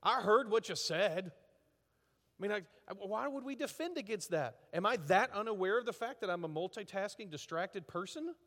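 A middle-aged man preaching a conversational sermon as a pastor, with lively acted asides. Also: high voice, brisk, few pauses. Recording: long hall reverb.

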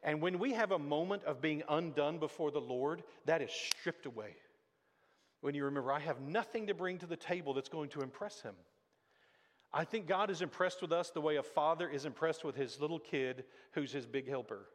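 Male pastor, fairly high voice, casual sermon delivery, hall reverb. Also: moderate pace. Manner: conversational preaching with acted-out quotes. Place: church sanctuary.

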